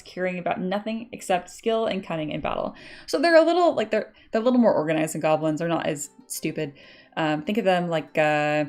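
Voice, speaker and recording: A woman chatting casually on a live stream while she sculpts, laughing often and reading viewer comments aloud. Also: lowish voice. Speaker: 3D sculptor streaming her work.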